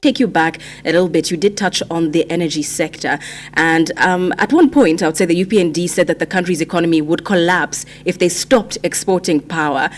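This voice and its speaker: A woman hosting a breakfast radio show, asking questions in a measured way with hesitant fillers. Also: on the low side, faint music behind. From Zambia. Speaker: radio host.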